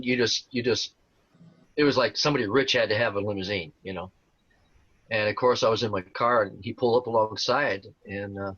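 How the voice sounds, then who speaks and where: A tribute performer in his sixties, lowish and fairly bright in voice, rambles through stories as an interview guest, repeatedly restarting and using fillers. The conversation is casual, and the sound is dry, dull, and lo-fi.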